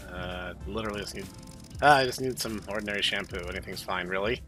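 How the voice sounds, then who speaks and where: A man hosting a game let's play, making wry deadpan asides as he plays. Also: low voice, quick pace, soft background music. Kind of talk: casual gameplay commentary.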